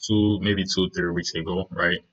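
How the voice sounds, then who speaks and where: A man's voice: low-pitched, little pitch movement, moderate pace, fairly bright tone, muffled recording. A man casually talking through trading charts, rambling with many fillers and "right?" checks. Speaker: trading video host.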